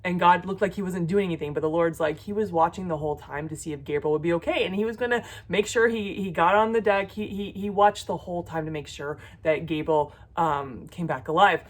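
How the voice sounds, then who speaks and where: A woman with a fairly low voice speaks a bit quickly, barely pausing. She's a jewelry-making vlogger and mother of a son who chats casually about her crafting, full of ums and self-corrections, then turns earnest and prays for her viewers as encouragement.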